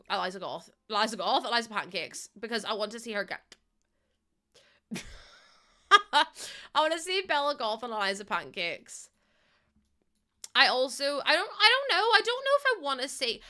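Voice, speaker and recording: A young woman streaming a game, chatting casually and rambling to her chat with giggles and sudden excited bursts. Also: fairly high pitch. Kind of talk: casual live-stream chat while playing.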